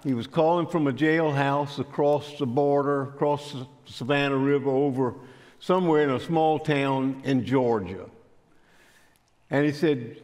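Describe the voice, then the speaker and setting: An older man, telling a story in a sermon in a folksy, unhurried way. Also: mid-range voice, a little mellow. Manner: folksy, unhurried, frequent fillers. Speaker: pastor. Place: church sanctuary. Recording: church hall with long reverb.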